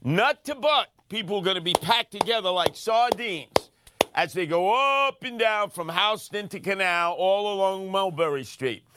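A man's voice: high-pitched, normal speed, noisy background. A man from Brooklyn hosting talk radio, with brash, mocking street talk. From Brooklyn, New York. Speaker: radio host. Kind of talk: talk radio banter and commentary.

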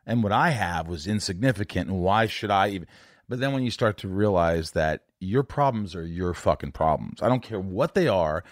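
A man with a deep, low-pitched voice, recorded dry and close with no room sound. He hosts a candid interview, speaking openly and confessionally, dropping casual swears and stammering through restarts as he works out his thoughts. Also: expressive, moderate pace, no room sound. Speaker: podcast host.

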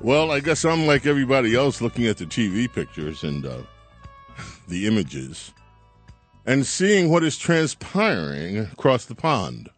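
A man hosting a talk radio show, chatting in an animated, chuckling monologue. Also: mid-range voice, unhurried, soft background music. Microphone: studio mic.

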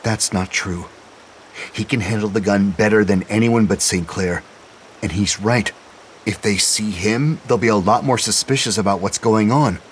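A man with a low voice voicing a determined, defiant woman investigator in an audio drama, curt and cool. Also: moderate pace, a little hiss or hum, lightly acted, rough recording. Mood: insistent.

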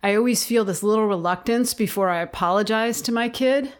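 A woman hosting a casual conversation, reflective and quick to laugh. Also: mid-range voice, smooth.

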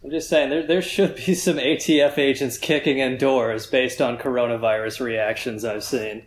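A sardonic co-host man cracking deadpan jokes in casual chat. His mid-pitched voice rings in a roomy space, with a faint hiss underneath. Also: moderate pace. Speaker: podcast co-host. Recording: roomy echo, faint noise.

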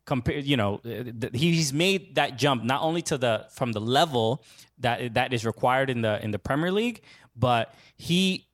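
A man co-hosting a casual sports talk stream, speaking haltingly with many restarts and fillers. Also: medium pitch, animated, a bit bright. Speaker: podcast co-host. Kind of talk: casual chat.

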